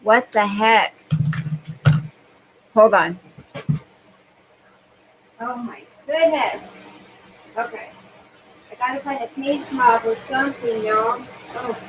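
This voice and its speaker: Woman, overheated live-stream host, high voice, unhurried, chatty with chat readers. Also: noisy background. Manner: chatty, reads viewer comments aloud and answers them. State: overheated and sweaty. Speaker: livestream host.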